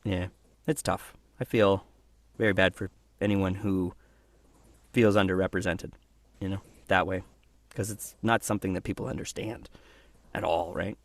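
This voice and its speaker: A man who is a voice actor guest, talking through his work in a thoughtful, animated way. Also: low-pitched, normal speed, long pauses, no echo. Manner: thoughtful, animated, acts out voices mid-sentence. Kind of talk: casual interview conversation.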